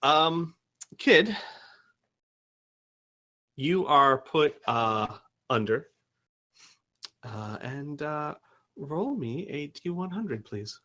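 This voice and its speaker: A man narrating as game master for a tabletop game, halting with frequent ums and restarts. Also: fairly high pitch, very animated, bright, forceful tone.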